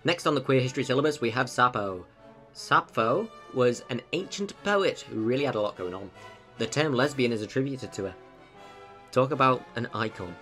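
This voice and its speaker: A man's voice: medium pitch, animated, moderate pace, pushed and bright, faint music behind. Fields: Sex: man. Role: video host. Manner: joking, sarcastic. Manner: jokey, sarcastic asides. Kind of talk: comedic educational narration.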